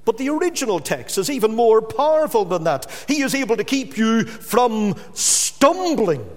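A man preaching a sermon, stressing key words slowly and then dropping his voice to a hush. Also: very high-pitched, very animated, big-room sound. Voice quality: emphatic, with drawn-out stressed words and sudden drops to a hush.

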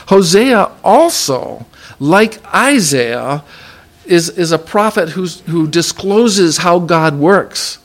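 A man preaching a sermon, teaching from a Bible passage, halting often with fillers and restarts and drawing out key words slowly. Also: a little high.

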